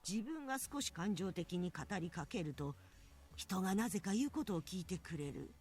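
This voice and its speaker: A woman's voice: lowish voice, lively intonation, quick pace, darkish tone. A woman voicing a stern, knowing elderly grandmother in a visual novel. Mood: grave, explaining. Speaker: game character. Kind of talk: Japanese visual novel voice acting.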